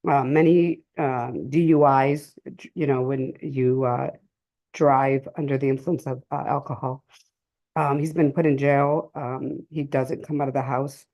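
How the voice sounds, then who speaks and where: A middle-aged woman speaks in a low, mellow voice, sharing a personal testimony with a live audience. Her delivery is emotional and halting, full of pauses and restarts. The talk was recorded at a community cultural center. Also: steady tone, muffled recording. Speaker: speaker sharing a family story at a drug-prevention session.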